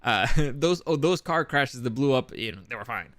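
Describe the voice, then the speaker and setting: A man hosting a podcast talks in a loose, rambling monologue, tripping over restarts and dropping the occasional curse. His voice sits at an ordinary middle pitch. The sound is dry and close, with no room echo. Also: animated, moderate pace, a bit bright. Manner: rambling with frequent restarts and profanity. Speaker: podcast host. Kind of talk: casual commentary monologue.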